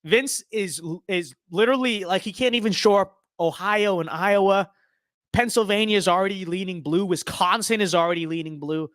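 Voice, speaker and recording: A man's voice: high voice, normal speed, a bit bright, dry recording, studio quality. A young man streaming a game, giving casual rambling commentary with tongue-in-cheek bragging.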